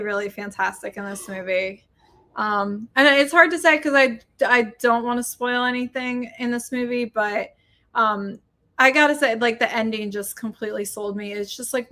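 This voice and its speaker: A woman co-hosts a relaxed podcast chat in a slightly raised pitch. Her voice is bright and forceful, and her chatty delivery is sprinkled with fillers. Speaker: podcast co-host. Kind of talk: casual chat.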